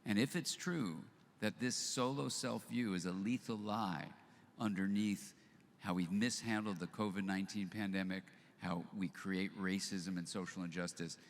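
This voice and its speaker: Here an older man with a low-pitched voice and moderate pace gives a live talk, bringing an anecdote to life by playing both roles in the dialogue. The recording comes from an event hall with long reverb and a little noise.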